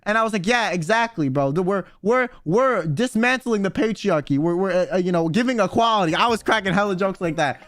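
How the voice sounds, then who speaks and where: A young man streamer telling a rowdy story in casual chat, animated and swearing often as he acts out quotes. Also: high-pitched, fairly quick, few pauses, no echo.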